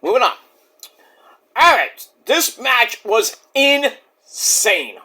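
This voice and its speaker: A man reviewing a wrestling show in a casual solo vlog, excitable and profane, acting out quotes in silly voices. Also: extremely high pitch, very slow.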